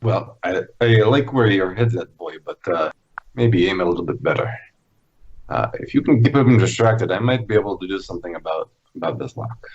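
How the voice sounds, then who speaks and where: A man's voice: low voice, normal speed, husky, highs cut off. A man playing a tabletop role-playing game, easygoing and thinking aloud about his moves. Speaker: player. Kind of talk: casual tabletop game play.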